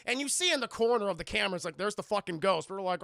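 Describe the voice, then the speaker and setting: A man streaming a casual, profane film recap, rambling and acting out scenes in quick voices. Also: sits high, expressive, creaky, a bit bright, no room sound.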